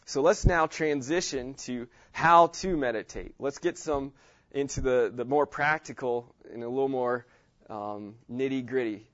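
A man teaches a Bible lesson in an easy, conversational way, often stopping to restart a phrase. His voice sits at a middle pitch. The recording sounds muffled and dry. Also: no room sound. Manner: casual, with many fillers and restarts.

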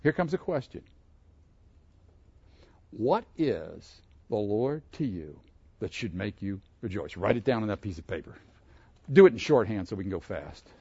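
A man from Pittsburgh preaching a sermon, animated and asking his listeners questions. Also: on the low side, moderate pace, pauses often, breathy edge, no room sound, lo-fi sound. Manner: animated, asks the audience questions. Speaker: pastor.

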